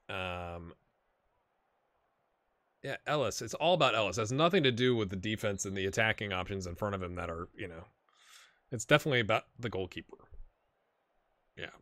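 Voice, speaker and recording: A man's voice: on the low side, fast talker, fairly bright tone, no echo. A man hosting a gaming video, giving rambling, chatty commentary with jokey asides to the players. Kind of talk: casual gameplay commentary.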